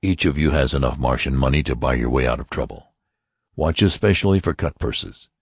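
Narrator as stern old priest, low muttered commands, very deep, close and dry. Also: male voice, a little fast, husky, no room sound, exaggerated voice. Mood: grim. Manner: low, grim murmur. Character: old priest, grim and determined.

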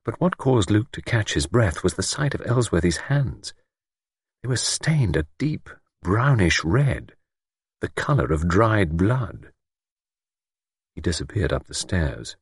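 Male narrator, low and husky, dry close mic. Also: big pitch swings, takes it slowly, no echo. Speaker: audiobook narrator. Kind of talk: scripted narration.

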